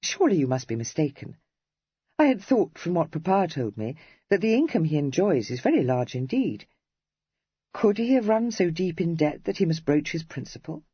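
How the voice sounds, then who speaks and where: A woman's voice: on the low side, sing-song, husky, dry recording, highs cut off. A narrator voicing Cressy, a witty, playful young woman of the Regency era, read in an audiobook. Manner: playful, teasing, quick-witted. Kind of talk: audiobook character reading.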